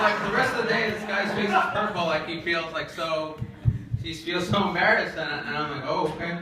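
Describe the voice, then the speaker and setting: A young man doing a stand-up comedy set, telling stories in a rambling, halting way full of fillers, with an audience laughing. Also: on the high side, noisy background. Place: comedy event in a shared office space. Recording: echoey room from far off, audience laughter.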